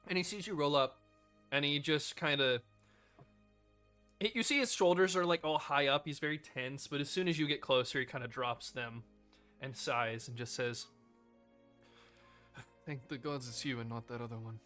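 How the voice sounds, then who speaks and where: A man's voice: fairly high pitch, moderate pace, sharp tone, clean tone, soft background music. Man loosely narrating a tabletop game. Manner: loose, casual narration with fillers. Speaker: game master.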